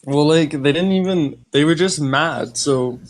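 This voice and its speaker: A man's voice: a little high, a little slow, background noise. Young man, podcast guest, rambling storyteller, filler-heavy, casual. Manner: rambling, heavy use of "like", laughs while telling. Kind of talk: casual chat.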